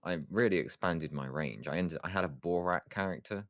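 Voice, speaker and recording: Very deep-voiced man, chatty and laid-back. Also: brisk, a bit bright, no room sound, clean studio sound. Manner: laid-back, laughs often, trails off with fillers. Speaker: streamer and talk show co-host. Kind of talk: casual chat.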